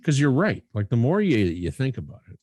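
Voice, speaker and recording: A man's voice: medium pitch, big pitch swings, fairly quick, darkish tone, no echo, studio quality. A man co-hosting a podcast in casual chat, joking and rambling with casual swearing. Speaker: podcast co-host.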